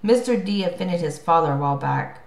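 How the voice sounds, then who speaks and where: A woman voicing a calm, wise male centaur teacher in an audiobook, speaking gravely and deliberately. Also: lowish voice. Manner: grave, measured. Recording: roomy echo.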